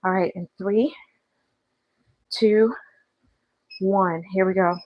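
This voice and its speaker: A fitness vlogger talks slowly and steadily in a medium-pitched voice as she walks a treadmill at home on a livestream. She reads and answers the chat, a little out of breath from walking, and the audio has its highs cut off.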